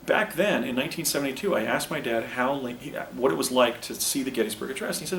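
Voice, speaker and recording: A man giving a public lecture in an earnest, halting way, often restarting his sentences. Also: mid-range voice, fairly bright tone, a little hiss or hum. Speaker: presenter. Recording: roomy, distant lecture recording with faint ambience.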